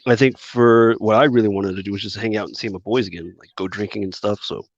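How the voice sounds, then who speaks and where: A man's voice: fairly low pitch, fairly even intonation, quick pace, dry recording, dull audio. A man from California co-hosting a podcast, talking in a laid-back, casual way. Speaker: podcast co-host. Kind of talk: casual chat.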